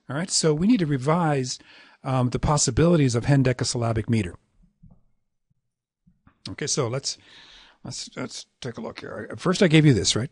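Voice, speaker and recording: A middle-aged man lecturing on poetic meter, reciting verse lines and tapping out syllable rhythms in a relaxed, conversational way. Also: mid-range voice, a little fast, breathy edge, dry recording, studio quality. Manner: relaxed, conversational asides with fillers.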